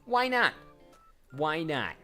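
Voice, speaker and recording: A voice actor playing an immature, goofy young man from a game who loves showing off, loud and whiny. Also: mid-range voice, sing-song, slow, soft background music, exaggerated voice. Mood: goofy bragging.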